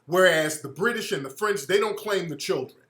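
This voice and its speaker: High, bright-voiced male talk radio host. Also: animated, normal speed, roomy sound. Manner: blunt and profane, repeats and restarts phrases; acts out quoted people in mocking voices. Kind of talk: opinionated talk radio monologue.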